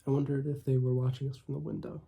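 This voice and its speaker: Guy reading a story out loud, super husky dark voice, gravelly. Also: medium pitch, little pitch movement. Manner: measured, with small slips and coughs. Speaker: audiobook reader. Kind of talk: first-person story reading.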